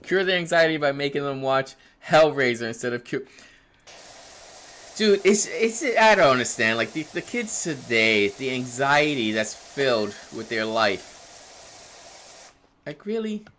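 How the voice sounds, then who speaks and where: Man, 30s, streamer; chatty and rambling, bright tone, faint game sounds behind. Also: unhurried, slight background noise. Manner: rambling and chatty, laughs often, reads chat aloud; animated, jumps in pitch when excited. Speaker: livestreamer playing a game. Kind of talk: casual live stream chat.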